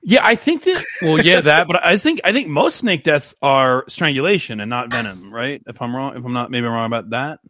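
A man's voice: mid-range voice, expressive, sharp tone, no echo. A man co-hosting a podcast in casual chat, swearing often and restarting his sentences. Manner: swearing, halting, with frequent restarts. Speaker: podcast co-host.

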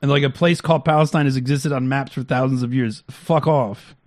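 A man's voice: mid-range voice, fairly even intonation, fairly quick. A man co-hosting a talk stream, reacting to clips in blunt, crude, heated talk with many restarts. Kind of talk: casual profane commentary.

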